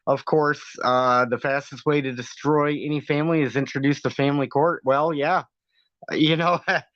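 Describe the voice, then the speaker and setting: A man's voice: on the high side, fairly bright tone, dry recording. A man hosting a livestream, talking casually with a sarcastic, argumentative edge and frequent laughs. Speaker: livestream host. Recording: dull lo-fi dry sound.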